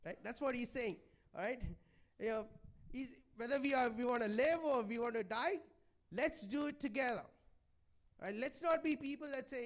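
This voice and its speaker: A man's voice: extremely high pitch, moderate pace. A man preaching a sermon in a church, pleading and conversational, often checking in with the congregation. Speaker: pastor.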